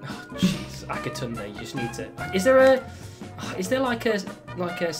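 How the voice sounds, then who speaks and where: A young man commentating his own football video game match, swinging between loud exasperated outbursts and laughter. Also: high voice, huge pitch swings, normal speed, over music. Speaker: gaming YouTuber. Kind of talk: excitable gameplay commentary.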